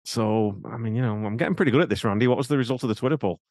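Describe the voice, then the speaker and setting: Fast-talking man co-hosting a podcast. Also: medium pitch, a little mellow, no echo, clean studio sound. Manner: wry, quick, given to laughing. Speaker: podcast co-host. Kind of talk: casual chat.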